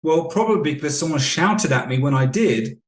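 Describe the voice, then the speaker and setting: A man talking as a leadership coach guest on a podcast, explaining calmly and telling anecdotes. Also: on the high side, moderate pace, roomy sound. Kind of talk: podcast interview storytelling.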